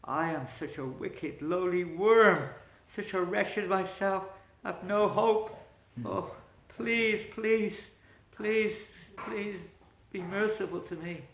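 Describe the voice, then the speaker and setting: A man's voice: high-pitched, takes it slowly, hardly any pauses, fairly bright tone, pitched above the performer's own voice, exaggerated voice. Man playing a remorseful king, begging. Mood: pleading. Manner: pleading, self-abasing. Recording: echoey room.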